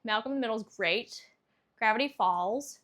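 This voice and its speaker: Young woman streamer, high bright voice, casual chat, laughs and swears. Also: normal speed. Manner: reads viewer answers aloud, laughs often, swears casually.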